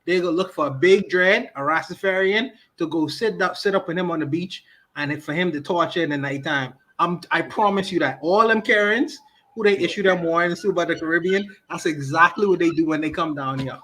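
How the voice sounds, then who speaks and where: A man from the Caribbean spins a teasing story in casual livestream chat. His voice sits a little high, and his delivery is loose and lively. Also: a little fast. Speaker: podcast guest from the Caribbean.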